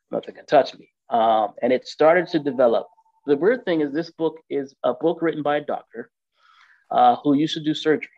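A man casually telling an emotional personal story, candid and animated, acting out the lines of the people in it. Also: medium pitch, vocal fry, no room sound, muffled recording. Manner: emotional, candid, animated retelling with quoted dialogue. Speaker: guest telling his story.

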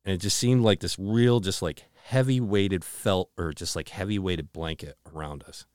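Man with a smooth, lowish voice. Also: no room sound, clean studio sound. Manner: earnest, halting retelling with frequent restarts; slows and drops to a low hush on dramatic moments. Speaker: podcast co-host. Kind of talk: casual storytelling chat.

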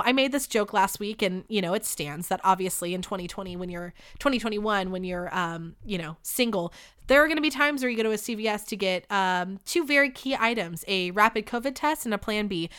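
A young woman hosting a casual solo podcast, telling stories in a chatty, candid and animated way with plenty of swearing. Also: medium pitch, clean tone. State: sick. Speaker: podcast host.

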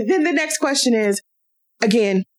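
A woman with a somewhat high voice chats on a podcast. She is outspoken and animated, and laughs readily as she talks. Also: a little slow, low-quality recording. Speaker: podcast co-host. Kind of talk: casual podcast chat.

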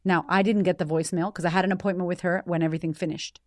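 A woman's voice: lowish voice, steady tone, very fast, dry recording. Woman host, 30s, raw and emotional storyteller who swears a lot, dry close sound. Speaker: podcast host. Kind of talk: personal storytelling monologue.

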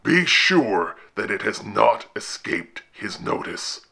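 Male reader plays a pleading, pious castaway from the fog; gravelly, slow and hushed. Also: lowish voice, very animated, full character voice. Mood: hushed sorrowful. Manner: slow, halting, subdued delivery. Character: hidden castaway man, sorrowful, pious, pleading. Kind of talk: audiobook horror reading.

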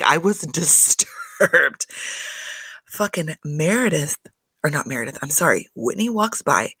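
A woman with a twang gossips through a reality TV recap, swearing freely and breaking into laughs. Her voice sits a little low but swings widely in pitch. The sound is close and dry. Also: breathy edge, no room sound. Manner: animated, profane, laughs often. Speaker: reality TV commentator. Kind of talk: casual recap chat.

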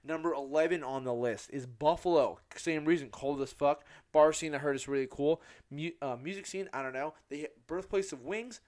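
A young man hosts his podcast alone in a loose, rambling way. His voice sits a bit high for a man, and he swears often and mocks himself. He loses his place and corrects himself as he talks. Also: moderate pace, few pauses, darkish tone. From Southern California. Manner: rambling, self-mocking, swears freely; loses track and corrects himself mid-sentence. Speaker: podcast host. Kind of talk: casual solo podcast rant.

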